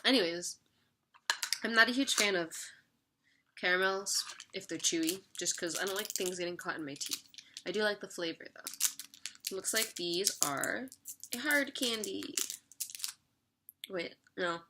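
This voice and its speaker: A woman's voice: mid-range voice, unhurried, long pauses, background noise. A young woman vlogging an unboxing in a chatty, giggly way, sometimes talking while she eats. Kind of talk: casual unboxing chat.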